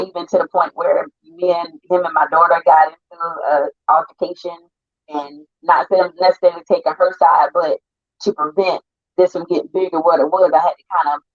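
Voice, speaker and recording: A woman's voice: fairly low pitch, steady tone, brisk, dry recording. Earnest woman guest on a muffled call. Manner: earnest, plain-spoken. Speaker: interview guest. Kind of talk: personal storytelling. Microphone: video call.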